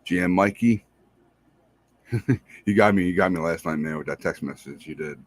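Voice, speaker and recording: A married man hosting a podcast, giving casual, rambling shout-outs to listeners and repeating himself in a friendly way. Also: low voice, normal speed, a little hiss or hum. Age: adult, married. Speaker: podcast host.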